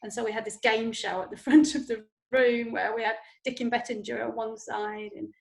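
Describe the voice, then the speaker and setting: A woman's voice: fairly high pitch, little pitch movement, normal speed, vocal fry. A woman guest in a casual chat, laughing often and talking with enthusiasm.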